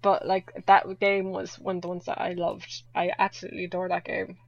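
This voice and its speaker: A woman's voice: fairly low pitch, monotone, a little fast, vocal fry, dry recording. A young woman with an Irish accent chatting casually as a guest, laughing often and poking fun at herself. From Ireland. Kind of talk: casual chat. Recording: dull lo-fi dry audio.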